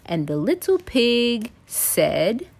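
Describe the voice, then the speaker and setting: A woman in her thirties reads a children's picture book aloud at an unhurried pace. Her pitch swings widely as she acts out each animal. Playful and expressive throughout. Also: gravelly. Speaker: storytime reader, mom. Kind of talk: children's storybook read-aloud.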